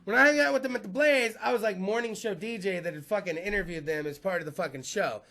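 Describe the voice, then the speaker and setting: High, gravelly man telling comic stories. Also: fast talker, pushed and bright. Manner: profane, rambling, laughing often. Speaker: podcast host. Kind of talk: comedic storytelling monologue.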